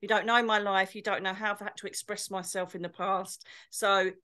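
A woman's voice: mid-range voice, fairly even intonation, fairly quick, sharp tone. A middle-aged woman, telling stories in a casual chat and swearing now and then. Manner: chatty storyteller, swears, does posh impressions. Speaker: co-host, medium.

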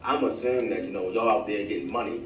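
A man's voice: lowish voice, steady tone, fast, fairly bright tone, recorded from a distance. A man gives casual commentary in a dismissive, sarcastic tone. He sounds set back from the mic in an echoey space, with a faint hiss behind him. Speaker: YouTube commentator in a played clip.

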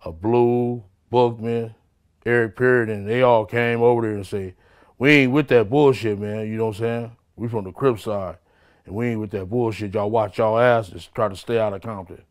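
A man telling street stories in an interview, profane and animated, acting out the people he quotes. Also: lowish voice, moderate pace. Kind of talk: street storytelling.

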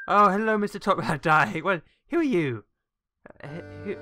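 Excitable English young man gaming. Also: high voice, moderate pace, soft background music. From England. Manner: jokey, excitable, shrieks when startled. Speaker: let's player. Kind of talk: casual game commentary.

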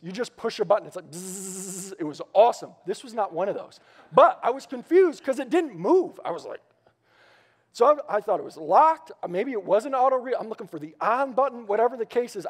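A man preaching a sermon to a congregation, telling a story in an animated, playful way with asides to the crowd. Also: high voice. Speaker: pastor. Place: church sanctuary before a congregation.

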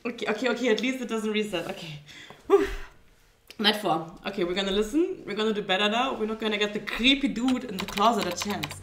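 A woman's voice: medium pitch, expressive, a little fast, a bit bright. A woman playing a horror game on stream, talking to the screen, laughing and getting startled. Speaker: gaming streamer. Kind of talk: live horror game commentary. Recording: echoey room with clear background noise.

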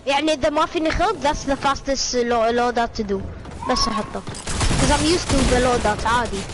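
Streamer, woman, Gulf Arabic accent, playful code-switching chatter, high voice. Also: rapid-fire, very noisy. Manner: switches between English and Arabic, playful teasing. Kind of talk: casual gaming chat.

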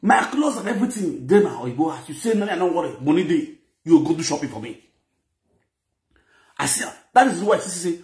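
A man with a Nigerian Pidgin English accent, telling a personal story in an animated, mixed-language way. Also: a little high, brisk, long pauses, echoey room. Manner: animated, mixes Pidgin and Yoruba phrases. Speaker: social media presenter. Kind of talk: storytelling monologue.

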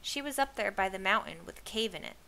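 A woman voicing a brusque older female shepherd in a storybook reading, loud and commanding. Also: medium pitch, expressive, quick pace, vocal fry, a little hiss or hum. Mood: matter-of-fact.

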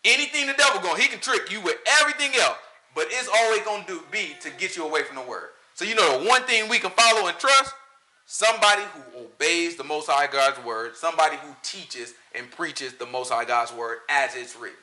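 A man giving a casual, animated sermon to a small group, slipping into impressions of other pastors. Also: on the high side, brisk. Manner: animated, talks to the room, mimics pastors. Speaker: preacher.

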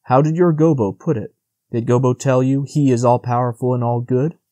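A man voicing a wise old male stag in an audiobook, grave and gently commanding. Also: mid-range voice, a little fast, no echo, clean studio sound, natural voice.

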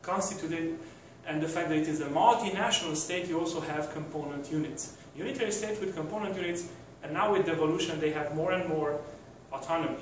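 Guy lecturing w lots of ums, kinda high voice, super echoey room, mic far off. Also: brisk, few pauses, a little hiss or hum. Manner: hesitant, many fillers and restarts. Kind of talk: university lecture.

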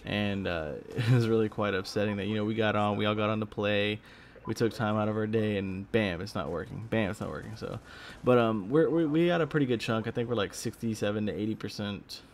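A man's voice: lowish voice, fairly even intonation, fairly quick, hardly any pauses. A tired young man from Texas, rambling casually about his gaming videos with lots of fillers and restarts. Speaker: gaming YouTuber. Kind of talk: rambling casual vlog talk. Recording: faint background noise.

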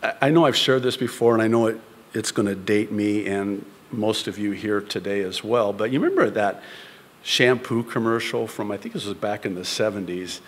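A male pastor preaching a sermon to a congregation in a church, moving from loud, high-pitched exhortation down to soft whispers. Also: normal speed, husky, in a large hall. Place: church before a live congregation.

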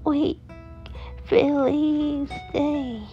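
A woman's voice: high-pitched, level tone, drawn-out words, voice pushed up, exaggerated voice. Woman doing a frightened little boy. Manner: small pleading voice, whimpering. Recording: dull lo-fi audio with faint music.

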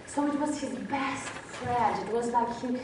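A woman's voice: fairly high pitch, measured pace, darkish tone, slight background noise. A woman presenter at a workshop, telling a motivational story with lots of restarts and acted-out quotes. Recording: very echoey hall, distant mic.

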